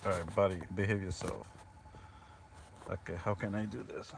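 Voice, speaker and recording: A man live-streaming from inside his van on a rainy night, talking quietly into a phone propped close to him. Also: low-pitched, flat delivery, normal speed, vocal fry, very noisy. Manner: talks quietly, keeping his voice down. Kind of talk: casual live stream chat.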